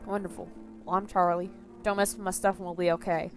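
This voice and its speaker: A woman voicing a gruff, possessive older man who boasts about his toy collection. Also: lowish voice, little pitch movement, a little fast, soft background music, close to an everyday voice. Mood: stern.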